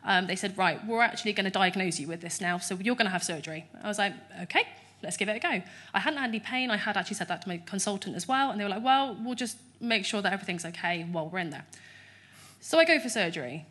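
Bright-voiced woman telling her story. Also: mid-range voice, quick pace. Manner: chatty, animated storytelling. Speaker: church member giving testimony. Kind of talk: testimony interview.

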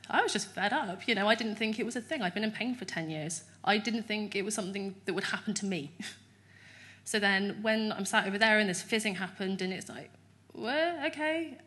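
A woman, giving a chatty, animated testimony in an interview at church. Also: medium pitch, a little fast.

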